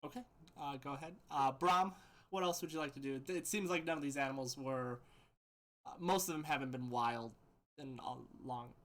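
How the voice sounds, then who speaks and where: A man's voice: medium pitch, normal speed, a bit bright. A man running a tabletop game as game master, loose and laughing, with many fillers.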